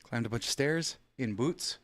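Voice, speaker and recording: A man hosting a casual show, hoarse and out of breath from yelling, rambling and joking. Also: medium pitch, moderate pace. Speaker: podcast host. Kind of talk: casual chat.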